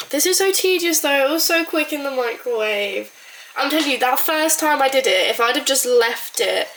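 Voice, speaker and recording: Baking vlogger, woman, slightly high voice, talks in rambling asides, roomy kitchen sound. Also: a bit bright, slight background noise. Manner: chatty, rambling, self-deprecating, full of "like". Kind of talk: casual chat to camera. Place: home kitchen.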